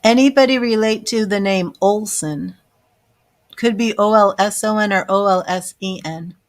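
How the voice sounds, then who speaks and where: A woman giving a live-stream psychic reading, chatty and self-amused, now and then dropping into soft murmured asides as she calls out names to her viewers. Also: mid-range voice, moderate pace. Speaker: psychic medium reader.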